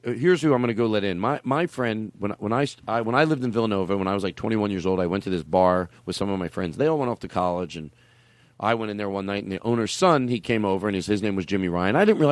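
Rambling guy hosting a comedy podcast, talks fast, kinda low voice, dry studio sound. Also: animated, dry recording. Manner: rambling storyteller, trails off and restarts. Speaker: podcast host. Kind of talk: casual comedic chat.

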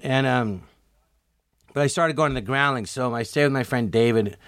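This middle-aged man is a comedian guest who spins stories in relaxed talk, impersonating the voices he quotes with lots of animation. His medium-pitched voice goes at a normal speed, recorded dry with studio quality.

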